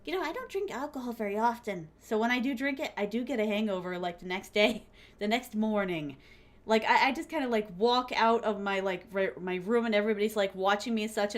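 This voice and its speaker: A young adult woman streams a game and chats casually with her viewers, bubbly and giggly, filling her talk with fillers, breaking into sudden squeals, and calling them pet names. Her voice is medium in pitch.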